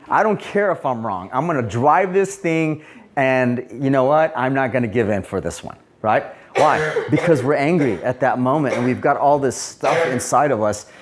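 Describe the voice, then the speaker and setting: A man preaching in an easy, conversational way, weaving personal stories into his message. He slips into quoted back-and-forth dialogue and asides to his listeners, with a voice sitting in an ordinary middle pitch. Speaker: pastor.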